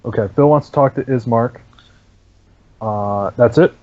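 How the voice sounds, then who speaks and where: A man's voice: medium pitch, a little slow, lo-fi sound. A man narrating as game master for a tabletop game, casual and full of fillers. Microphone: online voice chat mic.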